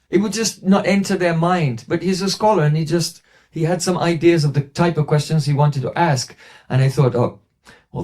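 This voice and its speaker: A man giving a devotional talk, telling a story and quoting others in a lowered voice. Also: darkish tone. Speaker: spiritual teacher.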